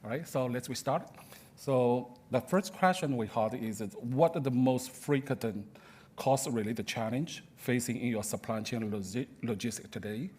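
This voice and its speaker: A man moderating a conference panel, speaking in a halting way and often restarting words. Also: medium pitch, a little mellow, breathy edge. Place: conference stage.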